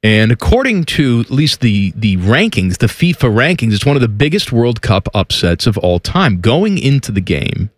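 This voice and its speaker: A man co-hosts a loose sports chat show, rambling and joking as he reads out stats. His lively pitch rises and falls a lot. The sound is close and dry. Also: normal speed, few pauses, no room sound. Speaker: co-host.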